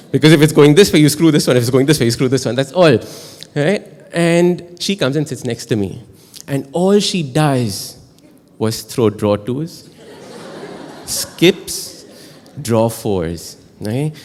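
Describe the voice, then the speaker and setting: Animated Indian man telling a story on stage. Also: mid-range voice, in a large hall. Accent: Indian English. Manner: animated, chatty, asks the audience questions. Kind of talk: live storytelling performance. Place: stage in a performance hall.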